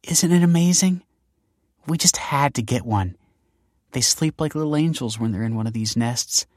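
A man's voice: mid-range voice, moderate pace, no room sound, studio quality, voice pushed up, natural voice. A man voicing a chatty, gushing new mother who coos and rambles. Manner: bubbly, cooing, chatty.

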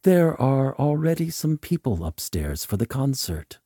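A man voicing a calm, cryptic tall male musician in a story reading, speaking in a measured, quietly knowing way. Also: mid-range voice, breathy edge, no room sound, studio quality.

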